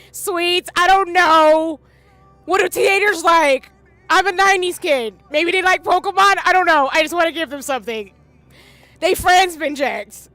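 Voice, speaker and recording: A woman's voice: extremely high pitch, pushed and bright, dry recording. A woman in her thirties streaming a game live, tearful, emotional and goofy as she talks through it. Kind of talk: live gameplay commentary.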